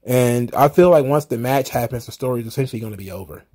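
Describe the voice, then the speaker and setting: A man's voice: mid-range voice, fast, mellow. Wry, rambling man recapping wrestling. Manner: rambling, wry, exasperated, swears. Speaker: wrestling commentary host. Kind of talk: casual solo recap commentary.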